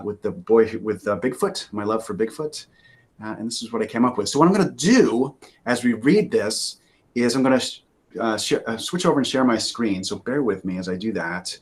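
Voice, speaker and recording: A man from Maine, a children's author, reading his picture book aloud over a video call in a chatty way. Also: lowish voice. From Maine, USA. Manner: animated, chatty with many fillers.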